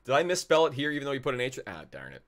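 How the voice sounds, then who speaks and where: A man's voice: mid-range voice, huge pitch swings, very fast, a bit bright. Man, trivia host, casual and jokey, rambles and repeats lines. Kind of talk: casual live trivia hosting.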